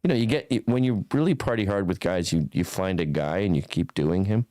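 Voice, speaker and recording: A man's voice: deep voice, fairly quick, mellow, no room sound. A man in his fifties, a podcast guest telling stories in a blunt, profane, casual way. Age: 50s.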